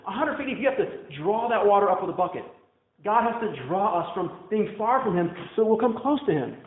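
A man's voice: sits high, lively intonation, fairly quick. A young man from Louisiana preaching a sermon in a church, telling stories casually with wry asides. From Louisiana, USA. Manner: conversational storytelling, wry asides. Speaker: pastor. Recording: tinny, echoey church recording.

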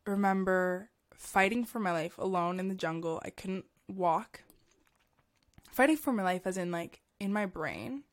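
A young woman hosting a podcast shares a deeply personal story. She speaks haltingly and emotionally, with lots of fillers and restarts.

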